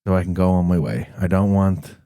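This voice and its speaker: An Irish man whose accent has softened after years in America, hosting a casual chat and speaking in a measured, deliberately slowed way. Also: low-pitched, no room sound, studio quality. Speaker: podcast host.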